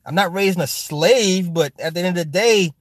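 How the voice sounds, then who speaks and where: A man on a home livestream, chatting to his viewers in a loose, profane, animated way. He laughs a lot and talks straight to the chat. His voice sits a bit high for a man, and it is recorded close and dry with no room sound. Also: moderate pace, no echo. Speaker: livestream host reading viewer comments. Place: home streaming setup with ring light.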